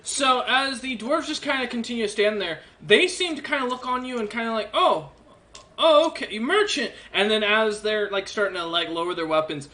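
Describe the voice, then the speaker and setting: A man's voice: high voice, a little fast, hardly any pauses, sharp tone. A man running a tabletop game, narrating casually with many fillers and restarts. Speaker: game master.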